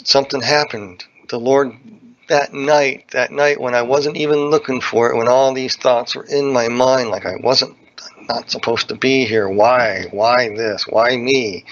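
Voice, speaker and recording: A man's voice: medium pitch, fairly bright tone. A man telling a personal religious testimony in an earnest, plain-spoken way, often repeating phrases for emphasis. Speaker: speaker giving a testimony. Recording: dull lo-fi recording.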